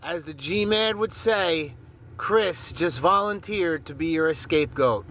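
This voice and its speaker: A man's voice: a little high, lively intonation, takes it slowly, noisy background. A man leaving a joking talkback message for a radio show. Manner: jokey, laughs between lines. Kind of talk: casual voice message.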